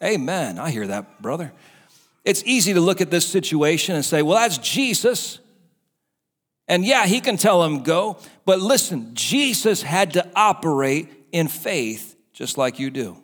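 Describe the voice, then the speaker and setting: Male pastor, high voice, preaching, acts out the doubters' and the devil's voices. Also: big pitch swings, measured pace, a bit bright, husky. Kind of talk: sermon.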